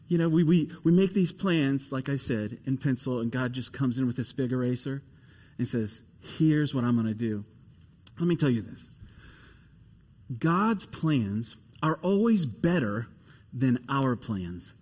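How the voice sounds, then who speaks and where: A man preaching a sermon, telling a story with animated, emphatic repetition before leading a prayer. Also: on the high side, breathy edge, big-room sound. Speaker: pastor.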